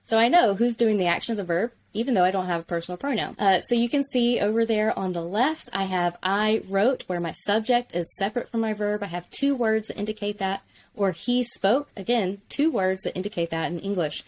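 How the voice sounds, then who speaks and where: Female Hebrew teacher, friendly and patient, mid-pitched voice. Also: fairly quick, a little mellow, slight background noise. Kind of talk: explaining grammar.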